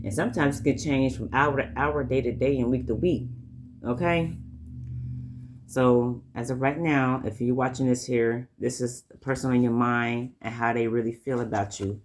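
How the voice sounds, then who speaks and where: A man's voice: mid-range voice, steady tone, moderate pace, slight background noise. Rambling Southern man reading tarot. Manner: rambling, repeats "like I said" and "you know". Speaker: tarot reader. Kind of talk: casual tarot reading to camera.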